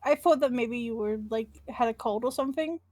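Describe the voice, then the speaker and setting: A woman's voice: fairly high pitch, fairly quick, darkish tone, dry recording. A woman from outside the USA in a casual group voice chat, giggly and playful.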